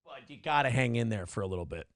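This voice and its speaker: A man's voice: mid-range voice, animated, fast, dry recording, clean studio sound. A man in his thirties hosting a live stream from home, reading chat aloud and mocking a commenter in profane banter.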